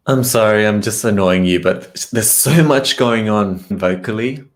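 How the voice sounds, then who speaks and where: A man working as a vocal coach, analyzing a singer's technique in a reaction commentary and getting excited as he demonstrates phrases. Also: lowish voice, a little slow, faint music behind.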